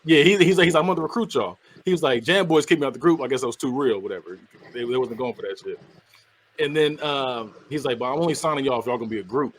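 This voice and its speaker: A man on a podcast, casually recapping a movie plot in an animated way and acting out the characters' lines with bursts of laughter. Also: medium pitch, slight background noise. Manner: animated retelling, acts out characters, laughs often. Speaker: podcast host.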